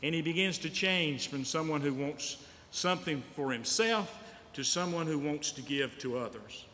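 A man's voice: a little high, animated, normal speed, sharp tone. A man preaching a sermon as pastor, telling stories and repeating key lines for emphasis. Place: church sanctuary. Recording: church hall reverb with faint noise.

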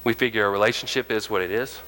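A man preaching a sermon as pastor, animated and acting out the voices of the people in his stories. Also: on the low side, quick pace, in a large hall, poor audio. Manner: animated, acts out quoted voices.

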